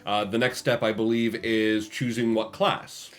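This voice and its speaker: A man's voice: lowish voice, flat delivery, measured pace. A man hosting a gaming show, chatting casually and recapping his character choices with enthusiasm. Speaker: show host and player. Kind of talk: casual chat at the gaming table. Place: studio.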